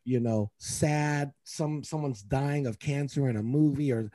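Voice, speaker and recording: A man's voice: mid-range voice, measured pace, dark tone, no room sound. A man, a youth coach, talking in a casual podcast chat, rambling and emotional with many fillers and restarts.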